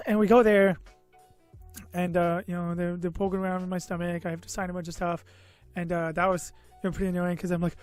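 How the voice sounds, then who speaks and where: A man's voice: high voice, level tone, a little fast, a little mellow, no echo. Tired, rambling young man vlogging. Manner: meandering, full of "you know" and "uh", self-mocking. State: tired and a bit loopy. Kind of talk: rambling personal story. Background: faint background music.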